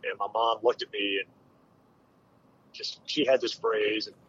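A man in his forties, a military veteran, telling a hard personal story with candid, halting speech and many fillers. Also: on the low side, steady tone, a bit bright, lo-fi sound, slight background noise. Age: 40s.

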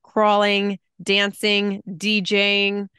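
A woman co-hosting a podcast in casual chat, talkative and quick to laugh. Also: mid-range voice, completely flat delivery, sharp tone, clear, resonant tone, dry recording, studio quality. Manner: chatty, laughs often, quick asides. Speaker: podcast co-host.

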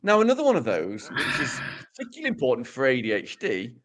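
A man presents research on a casual podcast, his pitch swinging up and down with lively energy. He speaks at a middle pitch and keeps dropping wry, self-mocking asides. The tone stays loose and joking. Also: quick pace.

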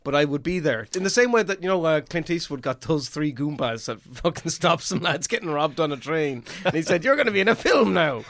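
Male co-host, gravelly dry deadpan, close dry sound. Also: on the high side, brisk, hardly any pauses, no echo. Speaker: comedy podcast co-host. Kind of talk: casual comedic banter.

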